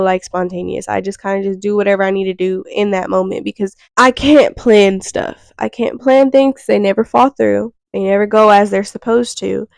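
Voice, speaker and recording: Addressing the camera head-on, a young female vlogger rambles frankly about herself, tossing in casual swears as she thinks aloud. Her mid-range voice has a gravelly edge, and the rough recording sounds dry and close, with no echo.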